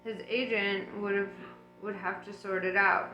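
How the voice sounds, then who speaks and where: Slow, relaxed woman reading a story. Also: medium pitch, reverberant, dull audio, soft background music. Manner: unhurried, relaxed, chatty asides. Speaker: audiobook reader. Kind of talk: casual audiobook reading.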